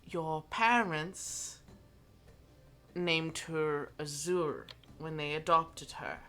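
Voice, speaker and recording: A woman voicing a guarded young woman who speaks quietly and haltingly, with many restarts. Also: low voice, fairly even intonation, heavily acted. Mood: quiet, awkward.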